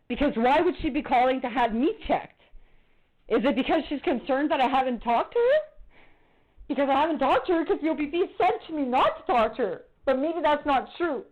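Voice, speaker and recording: Agitated swearing middle-aged woman on a phone. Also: high voice. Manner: agitated, heavy swearing, accusatory. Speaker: caller reporting to police. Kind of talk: angry phone complaint. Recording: muffled phone-call recording.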